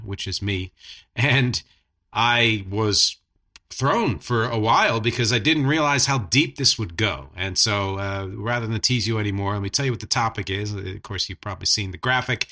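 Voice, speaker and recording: A man hosting his own music podcast, talking casually with a joking, self-deprecating streak. His voice is bright and forceful at a middle pitch. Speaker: podcast host. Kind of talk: casual chat.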